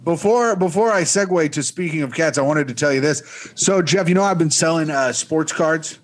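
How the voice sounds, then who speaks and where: A man's voice: on the high side, moderate pace. A young man co-hosting a casual podcast chat, teasing his friend with dry humor. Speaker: podcast co-host.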